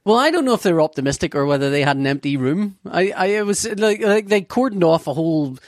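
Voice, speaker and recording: A man spins a story in loose, conversational chat, swearing freely and often breaking into laughter. His voice sits high and swings widely in pitch. The sound is dry and close to the mic. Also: animated, quick pace, no echo.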